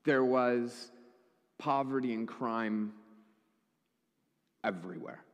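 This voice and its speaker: A man's voice: mid-range voice, takes it slowly. A male pastor preaching a sermon, telling a story with wry humorous asides. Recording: echoey hall.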